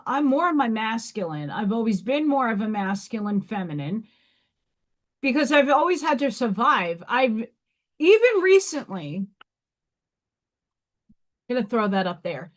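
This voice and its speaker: A woman's voice: on the high side, expressive, moderate pace. A woman from New York hosting a casual livestream, talking frankly and emphatically to her viewers. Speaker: livestream host.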